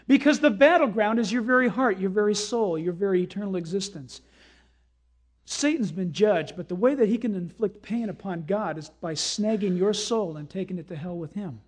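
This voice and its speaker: A man preaching a sermon as pastor, dramatic, acting out quotes with sudden shouts and drops to a hush. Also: high-pitched, animated, normal speed.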